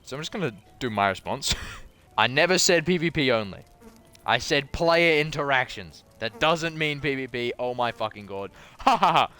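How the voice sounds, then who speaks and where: A man's voice: mid-range voice, animated, normal speed, bright, forceful tone, clear, resonant tone. A man ranting as a gaming video creator, exasperated and laughing at himself, swearing often. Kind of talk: ranting commentary on comments.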